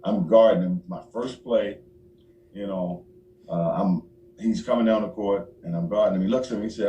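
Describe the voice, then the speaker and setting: A man's voice: on the low side, animated, moderate pace, warm tone, reverberant, slight background noise, rough recording. A man, a former basketball player, telling a story in casual talk and laughing often. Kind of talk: casual anecdote on a talk show.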